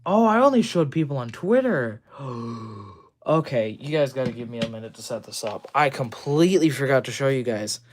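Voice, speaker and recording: A man's voice: medium pitch, animated, a little hiss or hum. A young man chatting casually on a livestream, rambling with lots of ums and restarts while he shows off a model he built at his workbench. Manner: rambling, full of ums and restarts, fast talker. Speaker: livestream host.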